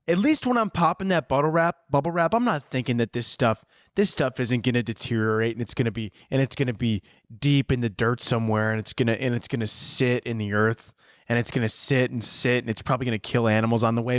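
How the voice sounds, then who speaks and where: A young man hosting a podcast, ranting in a profane, animated way with bursts of shouting and laughter. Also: medium pitch, a little fast, dry recording, clean studio sound. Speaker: podcast host. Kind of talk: solo comedic ranting.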